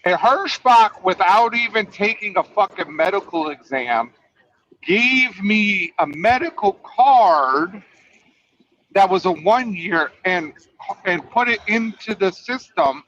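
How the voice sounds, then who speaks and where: A man with a high voice hosts a loose, swearing chat about trucking, rambling and ribbing the people he talks with. The audio sounds dull and lo-fi. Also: a bit bright, a little hiss or hum. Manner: profane, rambling, teasing. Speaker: trucker and podcast host. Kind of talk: casual chat.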